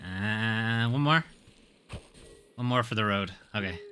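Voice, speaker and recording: A man's voice: fairly low pitch, slow, sharp tone, a little hiss or hum. A man streaming a video game, offhand and casual, muttering asides as he reads item descriptions aloud. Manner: offhand, muttering asides between read-outs. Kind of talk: casual gameplay commentary, reading game text aloud.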